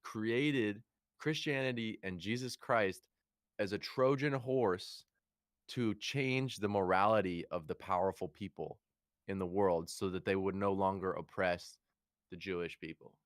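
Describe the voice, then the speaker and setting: Male podcast co-host, relaxed slangy delivery, deeper voice, dry studio sound. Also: measured pace, no room sound. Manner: laid-back, says "dude" and "like" a lot. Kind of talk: casual chat.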